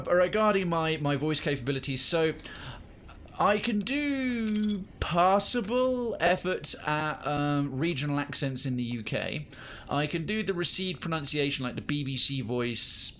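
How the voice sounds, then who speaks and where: A man's voice: on the high side, fairly bright tone, slight background noise. A young British man streaming a game, chatting with his viewers in a rambling, digressive way. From United Kingdom. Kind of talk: casual gaming commentary.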